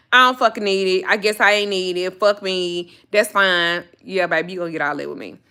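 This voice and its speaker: Speaking at a normal speed, this spiritual reader and vlogger has a lowish, smooth voice with a bright, forceful tone. She rants casually to the camera, blunt and freely profane, and also talks to her dogs.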